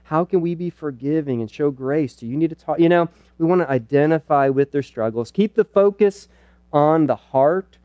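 A middle-aged pastor speaks at a church parenting night, teaching in an earnest, conversational way with playful asides. His voice sits a little high and moves at a moderate pace. The recording is dry with no room sound, but lo-fi.

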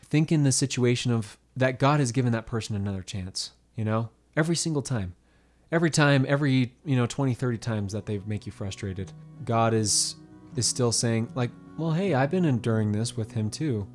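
A man's voice: medium pitch, brisk, soft background music. Guy cohosting a faith podcast, easygoing, tells the story with lots of little voices. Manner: animated storytelling, acts out quoted voices. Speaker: podcast co-host. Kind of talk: casual faith-based chat.

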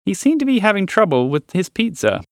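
A man narrating a children's story podcast as its host, with expressive storytelling. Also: high voice, fairly quick, vocal fry, dry recording, studio quality.

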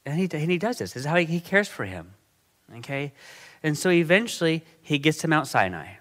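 A middle-aged man delivers a sermon with a somewhat high, bright and forceful voice. He keeps it conversational and animated, stopping to check in with the congregation. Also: a little fast. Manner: conversational, animated, frequent "okay?" and "right?" check-ins. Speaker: pastor.

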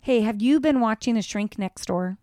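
A woman's voice: fairly high pitch, normal speed, dry recording, clean studio sound. A woman co-hosting a podcast, telling a casual story with swearing and acted-out quotes. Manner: animated storyteller, swears freely, acts out quotes. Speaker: podcast co-host. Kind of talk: casual chat.

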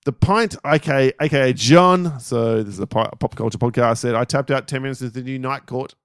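A man co-hosting a podcast, reading out listener lists in casual, animated chat with frequent swearing and laughter. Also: medium pitch, brisk, clear, resonant tone, dry recording, studio quality. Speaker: podcast co-host.

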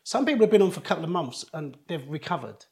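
A middle-aged man tells a personal story as an interview guest. His voice sits a little high for a man. He speaks earnestly and haltingly, stopping and restarting his sentences. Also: sing-song.

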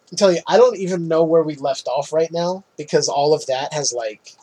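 A man casually recapping a movie on a podcast, animated, laughing often and swearing freely. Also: on the high side, moderate pace, slightly rough. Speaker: podcast co-host.

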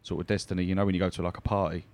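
A man's voice: low voice, little pitch movement, rapid-fire, darkish tone. A man who drives a cab, chatting casually on a podcast and telling cheeky stories, putting on voices for the people in them. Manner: cheeky storytelling with put-on quoted voices. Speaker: cab driver and online comedian, guest.

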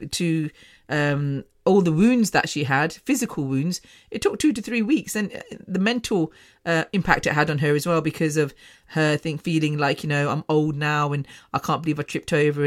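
A middle-aged woman hosting her own podcast, talking in a candid, rambling way with many restarts and sighs. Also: deep voice. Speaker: podcast host. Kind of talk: casual solo podcast monologue.

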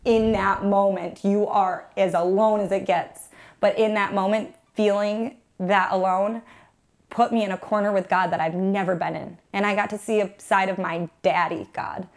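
A woman's voice: mid-range voice, steady tone, normal speed. A woman in her thirties, a mother, earnestly telling an emotional personal testimony in an interview. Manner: earnest, emotional storytelling, faith-focused. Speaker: guest, mother.

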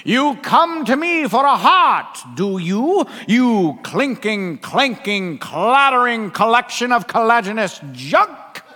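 A man voicing a booming, terrifying male wizard who hurls insults, in a long-echoing hall. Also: sing-song, slow pace, few pauses, bright, forceful tone, full character voice. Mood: scornful.

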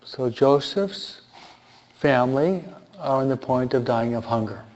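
A man's voice: medium pitch, measured pace, darkish tone. A man giving informal Bible teaching who asks his listeners rhetorical questions and repeats key points for emphasis. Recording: dull lo-fi recording.

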